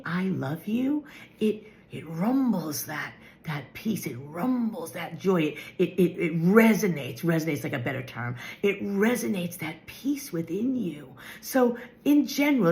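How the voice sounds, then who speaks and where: Earnest woman with a gravelly voice. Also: medium pitch, a little mellow. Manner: earnest, emphatic, repeats phrases. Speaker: spiritual vlogger. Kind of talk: reflective spiritual talk.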